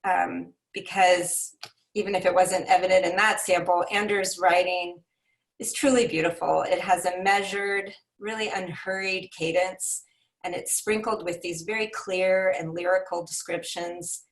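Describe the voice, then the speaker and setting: A woman's voice: lowish voice, steady tone, measured pace, far from the mic. Woman editor reading aloud, set back from the mic. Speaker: book editor. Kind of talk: reading aloud and discussing a book. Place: home, video call. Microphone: computer mic on a video call.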